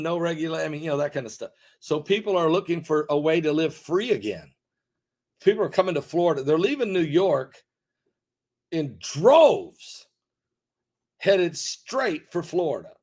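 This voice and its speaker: A middle-aged man from the United States delivers a fervent monologue straight to his viewers, with a voice sitting a little high for a man. He stacks words into long rhythmic lists and repeats himself for effect. His level climbs to sharp peaks, then falls to hushed, confiding asides. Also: vocal fry. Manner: rapid lists with repetition, swings from loud rises to quiet asides. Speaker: online preacher and commentator. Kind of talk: emphatic direct-to-camera monologue.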